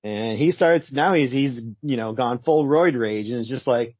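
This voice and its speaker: A man's voice: mid-range voice, moderate pace, dry recording, muffled recording. A man co-hosting a casual comic book review show, joking and chuckling as he comments on the story. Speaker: podcast co-host.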